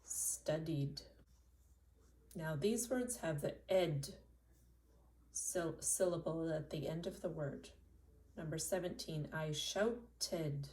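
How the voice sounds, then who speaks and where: A woman from Canada teaching an English lesson, repeating words slowly and clearly. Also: deep voice, dark tone, recorded from a distance. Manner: slow, deliberate repetition of single words.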